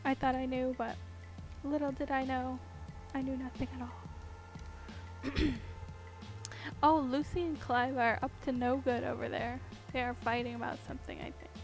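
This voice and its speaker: A woman's voice: sits high, steady tone, normal speed, pauses often, soft background music. A young woman chatting casually at her home desk while she carves pumpkins. She rambles and giggles, with lots of fillers. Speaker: streamer.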